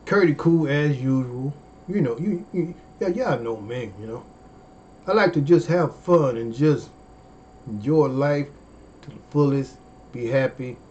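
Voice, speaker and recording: A man, hosting a comedy livestream in casual chat, animated and folksy, with drawn-out exclamations. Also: fairly high pitch, lo-fi sound, slight background noise.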